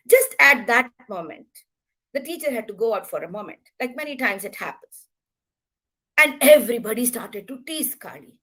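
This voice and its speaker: Woman doing kids storytime, high voice, super expressive. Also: a little slow, low-quality recording. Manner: expressive, animated, addresses listeners. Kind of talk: children's storytelling.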